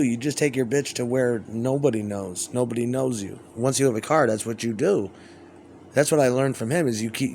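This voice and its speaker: A man's voice: medium pitch, darkish tone, slight background noise. A man delivering a rambling, crude spoken monologue, with stammering restarts.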